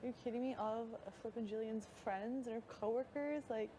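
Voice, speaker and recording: A woman chatting casually, animated as she tells stories and acts out what others said, with frequent "like". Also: on the high side, brisk. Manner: animated storytelling, quotes others, says "like" often. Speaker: reality show houseguest. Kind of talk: casual chat. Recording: live feed with audible background noise.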